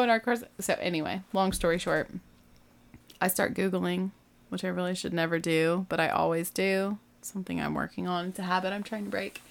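A middle-aged woman casually telling a family road-trip story, acting out everyone's lines with lively, rising panic. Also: on the low side, brisk, creaky. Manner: animated, acts out family dialogue with rising panic.

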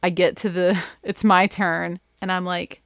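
In a dry, studio-quality recording, a woman with a fairly low pitch and unhurried delivery tells a personal story. Her monologue is chatty and animated, packed with "like" and "you know," and she laughs at herself along the way.

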